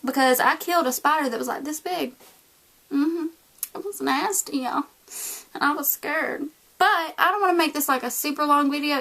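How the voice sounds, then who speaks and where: A young woman from the United States with a Southern accent, casually telling a story to the camera and acting out the people in it. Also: high-pitched. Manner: animated, acts out voices in her retelling. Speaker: vlogger.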